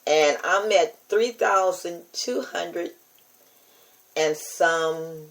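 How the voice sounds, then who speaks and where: Emphatic older woman host, low voice. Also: drawn-out words, poor audio. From United States. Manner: emphatic, repetitive, testifying tone. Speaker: podcast host and preacher. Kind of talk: casual spoken monologue to listeners.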